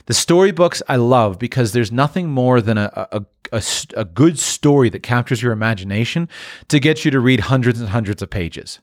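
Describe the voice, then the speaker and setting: A man's voice: medium pitch, animated, fairly quick, no room sound, clean studio sound. A man speaking in a casual monologue as a parent, thoughtful, often restarting and trailing off. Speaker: parent talking about language learning.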